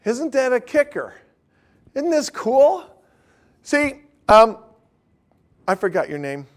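A male pastor preaches with a notably high voice, his passion rising into urgent, near-shouted declarations before dropping into soft, joking asides. He is heard from a distance in a large hall. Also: big pitch swings, slow. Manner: impassioned, swings from shouting to quiet joking. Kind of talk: sermon.

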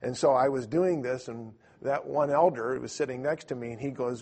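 A man with a gravelly, husky voice teaches a church class in a loose, storytelling way. He keeps restarting his sentences and pokes fun at himself along the way. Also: mid-range voice, moderate pace, few pauses, darkish tone. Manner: storytelling, self-deprecating, many restarts. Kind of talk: informal teaching talk.

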